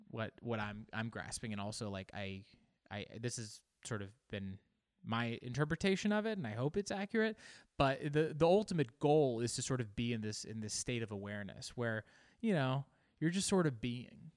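A man's voice: mid-range voice, clear, resonant tone, no room sound, clean studio sound. A man giving a casual, reflective monologue, musing and searching for words as he talks.

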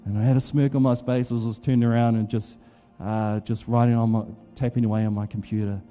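A man's voice: mid-range voice, little pitch movement, quick pace, warm tone, in a large hall, soft background music. A man preaching a sermon, telling a personal story in a loose, conversational way with plenty of fillers.

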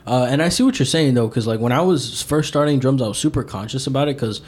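A man's voice: mid-range voice, fast talker, a little mellow. A man hosting a podcast and chatting loosely about learning drums, with plenty of swearing. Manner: loose, swearing, laughing banter. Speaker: podcast host and drummer. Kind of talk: casual chat.

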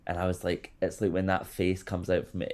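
A man co-hosting a podcast, chatting in a gossipy way with lively swings of emphasis. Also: low voice, brisk. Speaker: podcast co-host. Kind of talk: casual chat.

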